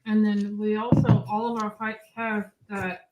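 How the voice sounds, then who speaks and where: A woman co-hosting a casual livestream, soft-spoken and brief. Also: medium pitch, level tone, measured pace, lo-fi sound, crowd noise. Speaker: co-host.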